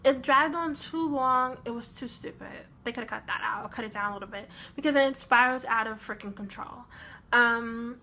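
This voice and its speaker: A woman's voice: on the high side, normal speed, pushed and bright, a little hiss or hum. A young woman chatting casually about a book she read, laughing often and acting out bits of dialogue. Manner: chatty, laughs often, slips into acted quotes. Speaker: book reviewer. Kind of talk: casual chat.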